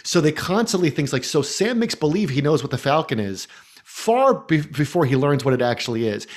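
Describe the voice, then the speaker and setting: Enthusiastic man with a higher voice. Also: big pitch swings, a little fast. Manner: enthusiastic, laughs often while talking. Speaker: podcast co-host. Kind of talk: casual film discussion.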